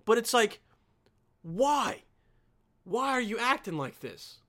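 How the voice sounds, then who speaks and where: A man hosting a reaction video, delivering a profane, exasperated comedic rant that keeps jumping into yelling. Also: very high-pitched, very animated, slow pace. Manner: foul-mouthed, exasperated, swings into yelling.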